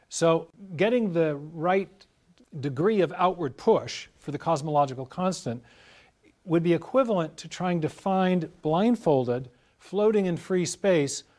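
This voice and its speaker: A middle-aged man with a slightly raised speaking pitch talks through ideas in a measured, explanatory way. He builds his points with step-by-step illustrative stories. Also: darkish tone. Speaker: guest scholar. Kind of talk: explanatory interview talk.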